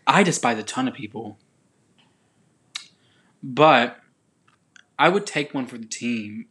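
A young man from the southern United States, chatting casually as a podcast co-host and telling an animated, rambling story with laughs. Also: mid-range voice, takes it slowly.

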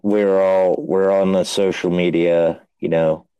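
A man's voice: deep voice, little pitch movement, clear, resonant tone, no room sound, highs cut off. A man co-hosting a podcast in rambling, jokey casual chat. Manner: rambling, jokey, drawn-out delivery. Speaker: podcast co-host.

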